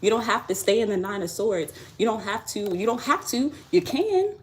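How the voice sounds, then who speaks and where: A blunt woman tarot reader preaching to her live viewers in a fairly high voice. She swears freely and talks with a forceful, pep-talk edge. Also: sing-song, moderate pace, slight background noise. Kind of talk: live tarot reading chat.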